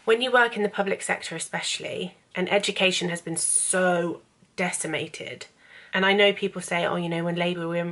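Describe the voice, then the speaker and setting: A woman's voice: lowish voice, fairly even intonation, moderate pace, fairly bright tone. A woman in her thirties talking candidly to camera in a casual vlog, getting tearful and emotional as she rambles. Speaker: vlogger and author.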